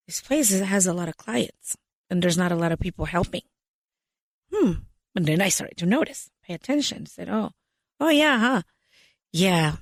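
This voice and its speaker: A woman, telling a story lively as a podcast guest and mixing in phrases. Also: medium pitch, no echo, clean studio sound. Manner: animated storyteller, switches into Spanish phrases. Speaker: podcast guest, business founder. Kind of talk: storytelling in an interview.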